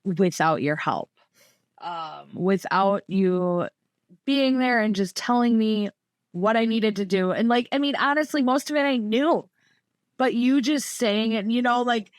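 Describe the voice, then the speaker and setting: A woman's voice: a little high, a little slow, dry recording. Midwestern woman in her 30s, podcast guest, rambly and filler-heavy, dry close mic. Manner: chatty, rambling, many fillers like "like" and "you know". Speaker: podcast guest, former coaching client. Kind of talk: casual conversational interview.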